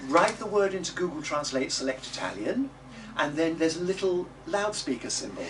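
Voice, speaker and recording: A man teaching a music class, coaching the group and modelling words slowly and loudly for them to repeat. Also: a little high, very animated. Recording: distant mic with noisy room ambience.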